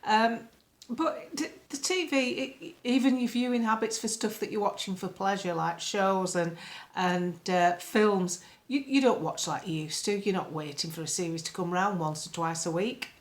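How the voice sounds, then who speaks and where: A woman's voice: mid-range voice, normal speed. A woman talking casually to camera as a political commentator. She is blunt and sarcastic, and often sounds annoyed. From United Kingdom.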